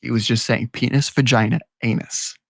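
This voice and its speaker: A man's voice: mid-range voice, steady tone, normal speed, creaky, no room sound. Young male podcast co-host, crude, rambling, dry close-mic sound. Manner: crude, laughing, rambling storyteller. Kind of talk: casual chat.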